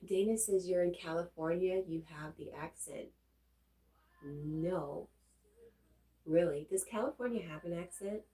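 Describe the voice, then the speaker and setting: A woman hosting a casual livestream, greeting viewers and reading their chat comments aloud in a relaxed, chatty way. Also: fairly low pitch, measured pace, pauses often, low-quality recording.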